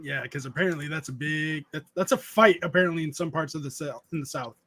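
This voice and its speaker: A man hosting a casual stream chat, animated, laughing often and reading chat aloud. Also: on the high side, quick pace. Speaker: streamer host.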